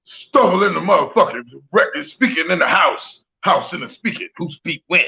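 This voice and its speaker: Joking podcast co-host man, high gravelly and bright voice, slightly dull recording. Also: big pitch swings, normal speed. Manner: crude, joking, rambling. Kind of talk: casual chat.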